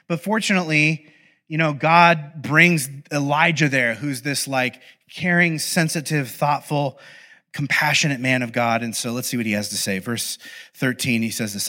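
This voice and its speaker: A male pastor with a high, bright voice gives a relaxed, conversational sermon. He tells the story in an animated, playful way and keeps breaking off for asides to his listeners. His tone stays bright and his delivery stays lively.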